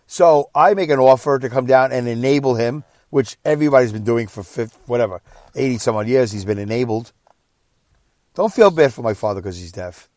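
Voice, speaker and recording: A tired, exhausted man hosting a podcast, telling a personal story in a rambling, emotional way that swings between quiet and loud. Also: medium pitch, lively intonation, brisk, no room sound, clean studio sound. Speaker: podcast host.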